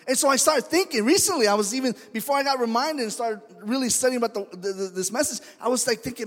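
Preaching man with a high voice in a reverberant church. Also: quick pace, hardly any pauses, a bit bright. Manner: conversational storytelling, acts out quoted voices. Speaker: pastor. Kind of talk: sermon. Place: church sanctuary.

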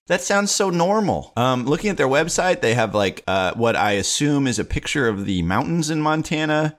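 A young man talking through his own solo podcast in a playful, animated way, full of jokey asides. His voice sits at an everyday middle pitch. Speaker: podcast host. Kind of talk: solo comedic podcast chat.

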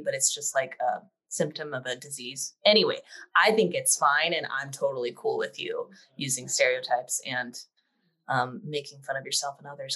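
A woman co-hosting an interview, frank and chatty, talking in quick bursts. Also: low voice, a bit bright. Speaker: co-host. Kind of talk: casual interview chat.

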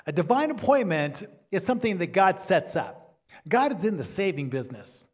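A man preaching a sermon to a congregation in an earnest way, at times dropping to a soft near-whisper for emphasis. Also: high voice, big pitch swings, normal speed. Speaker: pastor.

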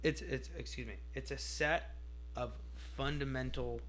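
A man's voice: mid-range voice, fairly even intonation, unhurried, fairly bright tone. A young man chatting casually on a podcast, joking and agreeable. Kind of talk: casual chat.

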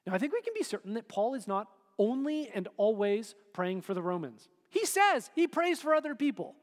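A man preaching a sermon to a congregation in a relaxed, conversational way, full of fillers. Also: very high-pitched, a little fast. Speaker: pastor. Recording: hall reverb.

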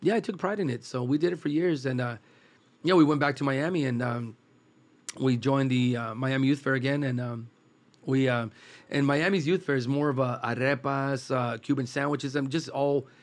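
A man from East Los Angeles tells long, relaxed stories about cooking, his voice sitting at an ordinary middle pitch. He rambles comfortably from one anecdote to the next and acts out the quoted dialogue. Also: normal speed. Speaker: guest, food truck cook. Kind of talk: casual storytelling.

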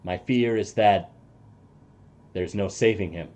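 A man voicing a weary adventurer who speaks low, quiet and solemn. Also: slow. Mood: somber. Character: weary adventurer man, grave and soft-spoken.

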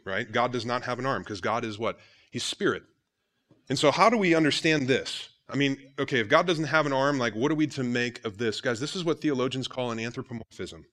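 A man's voice: mid-range voice, fairly bright tone. Conversational male pastor preaching. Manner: conversational preaching, addresses congregation as guys. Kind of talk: sermon.

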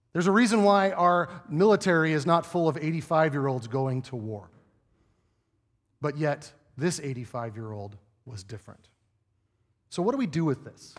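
Higher-voiced man preaching in a reverberant hall. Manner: conversational, asks listeners rhetorical questions. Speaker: pastor. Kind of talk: conversational sermon. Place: church sanctuary. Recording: long reverb of a church hall.

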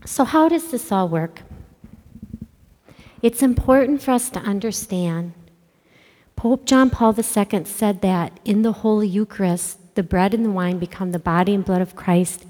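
Woman speaker, lively storyteller with hushed asides, long hall echo, mid pitch. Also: measured pace. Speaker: catechist speaking to kids. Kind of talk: storytelling religious talk.

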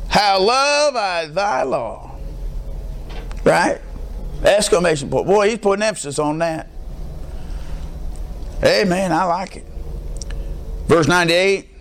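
A middle-aged pastor with a high voice preaches emphatically, prompting his congregation with call-and-response questions. There's slight background noise in the recording.

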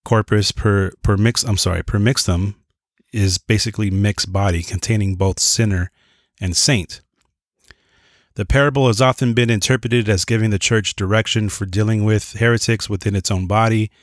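A man's voice: on the low side, steady tone, moderate pace, no echo, studio quality. A man teaching a Bible lesson, reading from notes in an earnest way, sometimes stumbling and correcting himself, with casual asides.

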